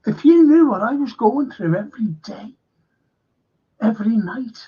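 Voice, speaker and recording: Husky, high-pitched Liverpool man, slow. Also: expressive. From Liverpool, England. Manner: rambling, chatty, swears freely. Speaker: historian hosting a livestream. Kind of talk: casual livestream chat reading viewer comments. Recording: dull lo-fi stream audio.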